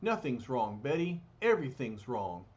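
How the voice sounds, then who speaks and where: A man's voice: medium pitch, big pitch swings, moderate pace, muffled recording, close to an everyday voice. A man voicing a young male scientist who speaks bitterly, brooding over a secret.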